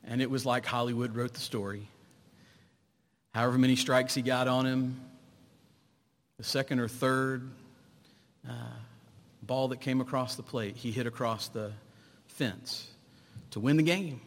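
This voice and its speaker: A man, a pastor, preaching a sermon, telling stories and swinging between loud exclamations and hushed low tones. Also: steady tone, a little slow, long pauses, in a large hall.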